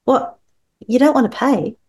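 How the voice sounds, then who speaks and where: Brief: a woman playing a put-out school mum, clipped and pointed, lifted pitch. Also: a little slow, darkish tone, lightly acted. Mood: perplexed cool. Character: perplexed, cool middle-aged mother.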